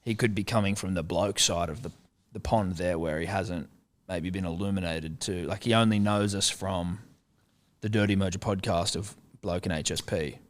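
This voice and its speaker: A man's voice: low voice, moderate pace. A man, co-hosting a podcast in laid-back, swearing banter. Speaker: podcast co-host. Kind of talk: casual podcast chat.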